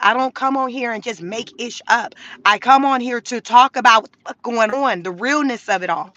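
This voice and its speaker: Brash high-voiced woman ranting in her car. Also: normal speed, bright, forceful tone. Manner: blunt, profane, mocking. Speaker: vlogger. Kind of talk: casual commentary rant. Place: inside a car.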